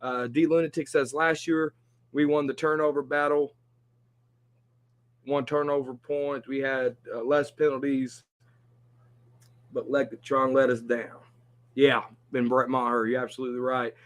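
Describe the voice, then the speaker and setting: A man hosting a live-stream sports talk show, talking with animated energy and reading viewer comments aloud. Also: medium pitch, a little slow, pauses often, no room sound.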